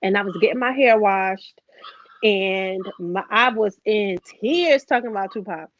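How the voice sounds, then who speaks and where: A woman hosting a casual conversation, telling stories in an emphatic, expressive way. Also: medium pitch, a little slow. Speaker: host. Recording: dull lo-fi recording.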